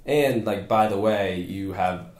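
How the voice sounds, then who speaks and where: A fairly low-pitched man talks as a guest on a casual podcast, full of energy and rambling through fillers and restarts. The room around him is echoey. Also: takes it slowly, a little mellow. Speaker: physical therapy clinic owner, guest.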